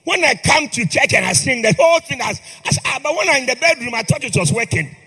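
A man's voice: very high voice, expressive, quick pace, pushed and bright, slightly rough. A man preaching a sermon in a church, impassioned and calling on the congregation to respond. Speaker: priest. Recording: long hall reverb with faint music.

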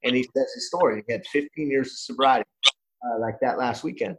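A man's voice: mid-range voice, a little fast, low-quality recording. Rambling middle-aged male podcast host. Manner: rambling storyteller with many restarts. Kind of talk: casual podcast conversation.

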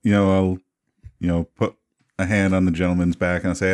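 A man's voice: deep voice, flat delivery, fairly quick, a little mellow. A man playing a tabletop game, slipping into polite, formal speech in character. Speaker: player.

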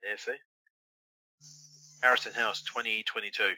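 A man's voice: fairly low pitch, little pitch movement, normal speed, bright, forceful tone, no echo, low-quality recording. A man co-hosting a wrestling watch-along, teasing his friend with crude, mocking, profane banter.

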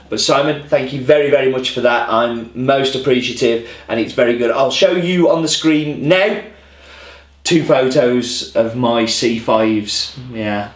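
A man hosts a casual coffee vlog, talking to camera in a chatty, rambling way with self-deprecating asides. His voice sits a little higher than most men's. The sound carries a roomy echo.

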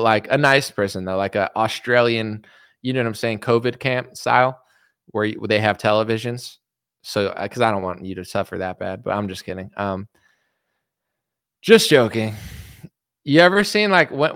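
A man's voice: medium pitch, a bit bright, smooth, no echo, clean studio sound. Rambling, sarcastic young male streamer. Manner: rambling, sarcastic, filler-heavy. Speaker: livestream host. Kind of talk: casual livestream commentary.

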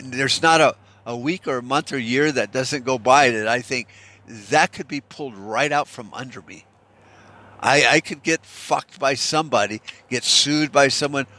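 A man's voice: mid-range voice, sharp tone. A middle-aged man in a casual opinion monologue, ranting bluntly and swearing freely as he talks. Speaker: vlogger.

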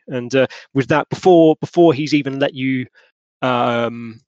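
A man narrates a tabletop game as its game master. He talks in a relaxed, rambling way full of fillers, in a medium voice. The sound is dry and close. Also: medium pitch, unhurried, dry recording, highs cut off.

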